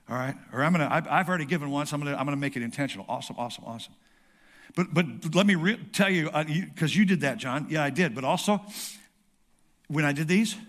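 A middle-aged male pastor preaching a lively sermon, calling out to the congregation and acting out quick asides. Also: mid-range voice. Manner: lively preaching with audience call-outs and playful asides.

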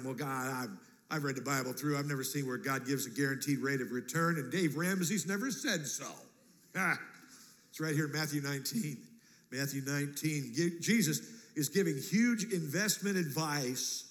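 A man preaching a sermon as pastor, animated and jokey, acting out quotes in a church. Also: on the high side. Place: church sanctuary. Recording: long church reverb.

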